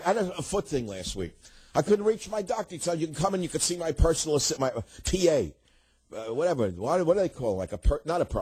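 A man's voice: fairly high pitch, darkish tone, slightly rough, dry recording. An older man hosting a talk radio show, ranting sarcastically in a monologue.

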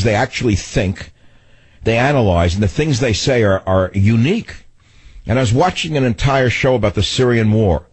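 A man's voice: lowish voice, husky, dry recording. An older man hosting a political radio talk show, ranting sarcastically in a long monologue. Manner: ranting, sarcastic, mocking mimicry.

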